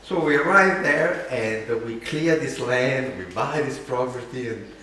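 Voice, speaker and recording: Man, Italian accent, animated self-mocking storytelling, slow delivery, distant mic, very echoey hall. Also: mid-range voice, slight background noise. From Italy. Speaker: keynote speaker. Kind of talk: storytelling talk.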